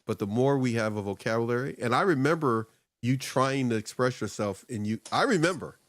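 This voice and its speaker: This is a man in middle age hosting a talk show in a loose, rambling way, often laughing and acting out what others said. His voice sits at an ordinary male pitch. The sound is close and dry, with no room echo. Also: a little fast. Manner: rambling, animated, laughs often, acts out quotes. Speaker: show host. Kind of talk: casual talk-show chat.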